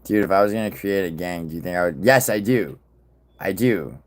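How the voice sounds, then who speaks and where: A man hosting a live stream, chatting loosely with viewers in a profane, rambling way, with sudden loud outbursts. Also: sits low, a little fast. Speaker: livestream host. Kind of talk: casual live-stream chat reacting to viewers.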